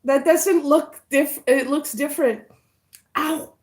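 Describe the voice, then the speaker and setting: Slow high-voiced woman eating on stream. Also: a little mellow. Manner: greets chat viewers by name while eating; slow, chewing, savoring food with murmurs. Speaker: mukbang vlogger. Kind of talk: casual eating livestream chat.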